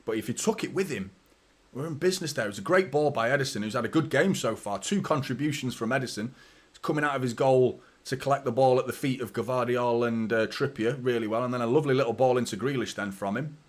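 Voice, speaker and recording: A man hosting a football watchalong talks through the match in a chatty, rambling way, his accent a light Mancunian that mostly sounds neutral. His voice sits at an ordinary middle pitch for a man, and it leaps up when a chance comes. He mixes play-by-play with casual asides to viewers. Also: fast. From Manchester, England. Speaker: fan watchalong host. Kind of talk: live match commentary and casual chat.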